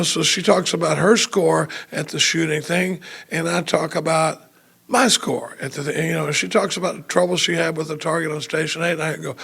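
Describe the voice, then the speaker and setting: A man's voice: fairly high pitch, fairly bright tone. A man speaking at a recovery retreat, telling a self-mocking story to a live audience with many restarts. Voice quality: gravelly, raspy. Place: retreat meeting room with audience.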